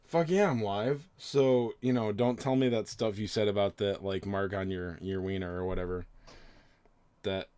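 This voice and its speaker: A man's voice: lowish voice, steady tone, moderate pace, warm tone, smooth. A man in his thirties, drunk, chatting casually on his stream in a rambling, crude, self-mocking way with frequent laughs. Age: 30s. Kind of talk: casual chat.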